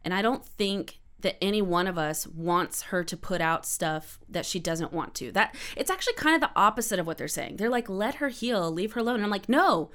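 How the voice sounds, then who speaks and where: A woman's voice: lowish voice, animated, fairly quick, few pauses, fairly bright tone. A woman guest on a podcast in casual chat, laying out her reasoning step by step. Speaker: guest, social media influencer and musician.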